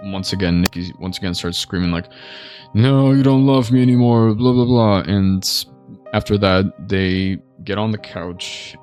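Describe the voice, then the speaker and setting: A man with a deep, low voice talks through a movie in a loose, rambling way, leaning on "you know" and "like." He gets noticeably excitable when he describes the scary scenes. Soft background music plays faintly under his voice. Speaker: movie reviewer. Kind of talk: casual spoken movie review.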